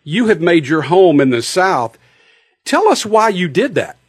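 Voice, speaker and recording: Animated man, dry studio voice. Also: high voice, measured pace, breathy edge, dry recording. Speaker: radio talk show host. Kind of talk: casual radio chat.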